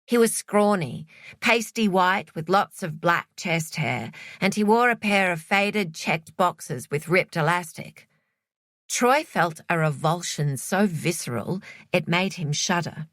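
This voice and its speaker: A woman reading scripted narration for an audiobook in a measured storytelling manner. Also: on the low side, animated, fairly bright tone, no echo, clean studio sound.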